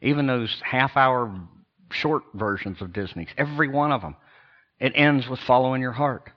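An older man, a pastor, preaching a sermon in an emphatic, sarcastic way with pauses and restarts. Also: mid-range voice, muffled recording.

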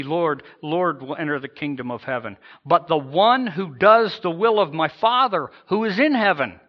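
A man's voice: high voice, muffled recording. A man preaching a sermon with emphasis, rising and falling in intensity and acting out imagined voices. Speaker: pastor.

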